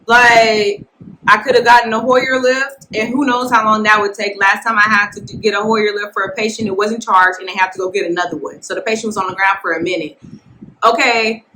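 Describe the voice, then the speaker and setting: A woman hosting a casual podcast, telling a work story in a blunt, animated way and talking straight to her listeners. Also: medium pitch, slight background noise, poor audio. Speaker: nurse podcast host. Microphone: podcast mic, filmed for video.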